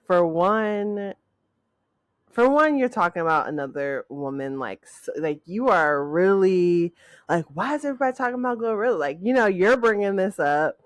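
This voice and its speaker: A woman's voice: mid-range voice, very animated, moderate pace, dry recording. A woman co-hosting a podcast in casual chat, rambling and hesitant, full of fillers and trailing thoughts. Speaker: podcast co-host.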